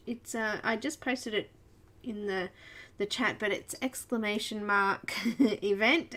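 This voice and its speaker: A woman's voice: a little high, a bit bright. An Australian woman hosting a casual livestream, chatting away and greeting viewers by name. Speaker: livestream host.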